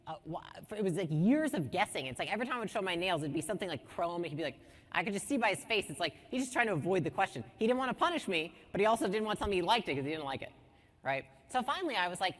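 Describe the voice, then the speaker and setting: Animated blunt woman teaching a workshop. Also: medium pitch, quick pace, big-room sound. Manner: animated, blunt, swears casually, asks the audience questions. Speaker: business speaker teaching a workshop. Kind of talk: energetic workshop talk.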